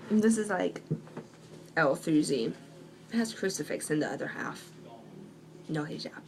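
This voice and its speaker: A young woman vlogging indoors at home with a slow, unhurried delivery and a gravelly, creaky edge. She is sarcastic and hesitant, filling gaps with ums, and faint background noise sits behind her. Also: deep voice, lively intonation, darkish tone. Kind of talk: casual video monologue.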